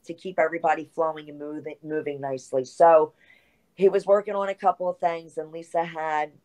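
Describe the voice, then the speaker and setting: Low-voiced woman telling a story. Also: fairly quick. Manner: animated storyteller, full of fillers and asides. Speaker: guest, retired pro wrestler. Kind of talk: storytelling in an interview.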